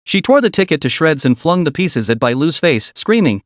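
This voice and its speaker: A man narrating a comic story recap in a brisk storytelling manner. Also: a little high, very animated, no room sound, studio quality.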